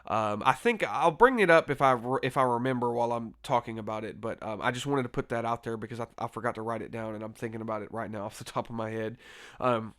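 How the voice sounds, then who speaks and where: Smooth-voiced man rambling through a review. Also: mid-range voice, quick pace, fairly bright tone. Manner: rambling, full of fillers and restarts, laughs easily. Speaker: horror film reviewer. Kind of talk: casual spoken movie review.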